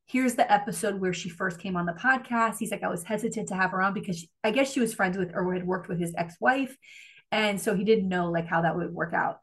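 A woman's voice: medium pitch, fairly quick, a bit bright, breathy edge. A woman co-hosting a podcast in casual chat, rambling and gushing, swearing freely as she tells a story. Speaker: podcast co-host.

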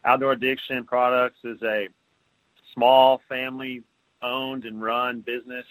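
Bright-voiced polite male guest. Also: medium pitch, flat delivery, no echo, low-quality recording. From Texas. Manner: polite, measured. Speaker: guest, business co-owner. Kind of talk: podcast interview.

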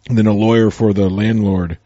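A man's voice: fairly low pitch, level tone, fairly quick, mellow, no echo, highs cut off. A man in a casual chat, animatedly retelling comic strips.

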